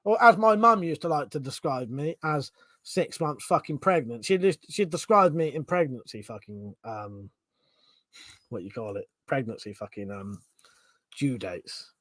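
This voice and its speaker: This British livestream host reads his viewers' comments aloud and rambles through sweary banter with chat. He speaks at a medium pitch, expressively and without hurry, with a slightly bright tone. The recording is dry.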